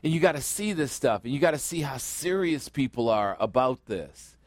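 A man's voice: medium pitch, animated, normal speed, no room sound. A man preaching a sermon as pastor, conversational and joking, acting out little exchanges. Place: church in Phoenix area.

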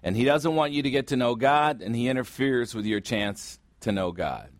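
A man's voice: medium pitch, animated, moderate pace, no room sound, studio quality. A man preaching a sermon as pastor, blunt and sarcastic, with mocking asides to his congregation.

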